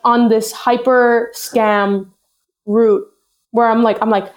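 A woman's voice: a little high, little pitch movement, slow pace. Wry young woman podcast guest. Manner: wry, self-mocking, laughs while talking. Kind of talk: casual podcast chat.

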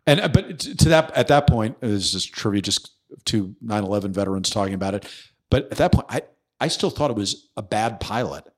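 A man's voice: fairly low pitch, lively intonation, a little fast. A man hosting a podcast, telling a story in casual conversation, acting out the voices he quotes and swearing freely. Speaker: podcast host.

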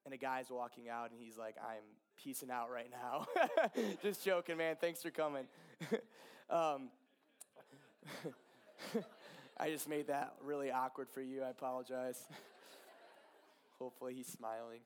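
A man in his thirties, a pastor, telling an emotional personal story from the pulpit with lots of laughter and animated retelling. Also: on the high side, unhurried, long pauses. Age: 30s. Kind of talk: sermon storytelling.

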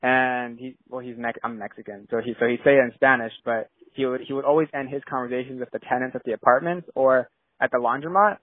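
A man's voice: medium pitch, fairly even intonation, quick pace, no room sound. A young man from San Diego, a filmmaker guest, talking casually and rambling with lots of "like" and restarts. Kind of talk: casual interview chat. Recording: tinny phone-like line.

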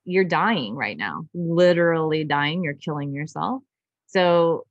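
A woman with a lowish voice recounts her story on a podcast, earnest and emotional, circling back and restarting as she talks. The sound is dry and a little dull, like a modest home setup. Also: lively intonation, slow, no room sound. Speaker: guest doctor. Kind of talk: personal storytelling in a podcast interview.

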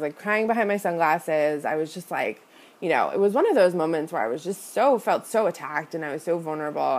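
A woman hosting a podcast, telling a personal story in a chatty, confessional way, full of "like" and "you know", and talking straight to her listeners. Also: on the low side. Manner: confessional, addresses listeners directly. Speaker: podcast host and business coach. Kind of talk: casual storytelling monologue.

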